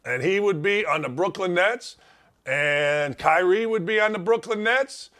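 A man's voice: high-pitched, measured pace, a bit bright. A middle-aged man hosting a sports talk show, delivering an emphatic, opinionated monologue full of rhetorical questions.

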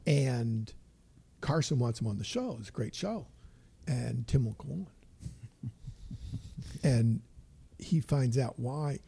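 A man's voice: medium pitch, lively intonation, slow, gravelly, pauses often, warm tone, slight background noise. An older man, a comedian guest, telling stories in a rambling, stop-start way with many repeated words. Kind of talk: casual storytelling chat.

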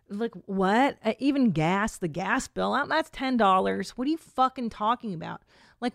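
A woman's voice: mid-range voice, no room sound, studio quality. A woman hosting a comedy podcast, chatting loosely and profanely and reading out listener messages with laughs. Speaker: podcast host.

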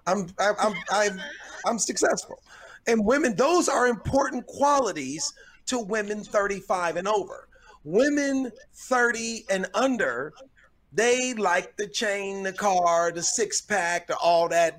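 A man's voice: high voice, expressive, unhurried, a bit bright. A man comedian in casual conversation who rambles, restarts his sentences and brags with humor. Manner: rambling, self-correcting, boastful humor. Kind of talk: casual podcast chat.

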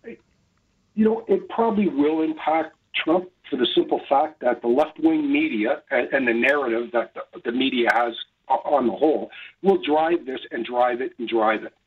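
A man's voice: medium pitch, normal speed, slightly rough. A man calling in to a radio show, making his point in an emphatic, repetitive and indignant way. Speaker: caller. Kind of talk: call-in opinion on phone. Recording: tinny phone line.

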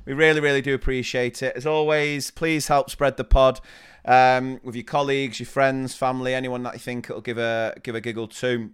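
Smooth-voiced podcast host. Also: male voice, mid-range voice, flat delivery, normal speed. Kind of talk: casual chat and show outro.

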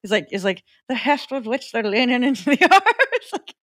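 A woman's voice: fairly high pitch, sing-song, brisk, no room sound, clean studio sound. A woman, a comedian guest on a podcast, talking animatedly with many "like"s and laughing asides. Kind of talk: casual chat about comedy.

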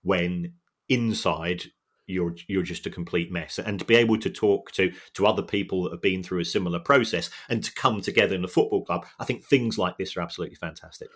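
A middle-aged man co-hosting a podcast, talking in an earnest, reflective and halting way. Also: low voice, fairly bright tone. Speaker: podcast co-host. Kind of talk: casual podcast chat.

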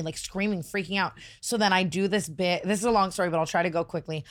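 A woman in her twenties, a podcast host, telling a story in casual chat, fast and animated, with lots of filler words and swearing. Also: lowish voice.

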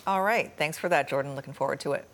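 A woman's voice: low voice, fast talker. A woman news anchor handing off to a reporter and chatting lightly with her co-host, laughing easily. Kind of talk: casual studio banter.

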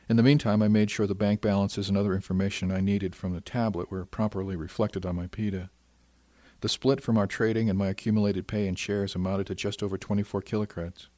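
A man narrating a science fiction audiobook in the first person. He reads in a measured, reflective manner with a low voice. The recording is dry and close. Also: fairly even intonation, dark tone, no room sound.

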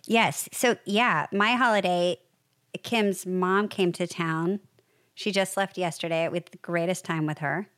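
A woman in casual chat, telling stories in an animated, rambling way. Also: fairly low pitch, unhurried, no room sound, studio quality.

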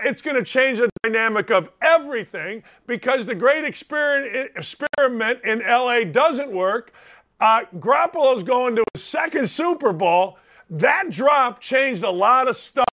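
Loud excitable sports show host guy, bright high voice. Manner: brash, excitable, shouts for emphasis. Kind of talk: loud casual sports talk.

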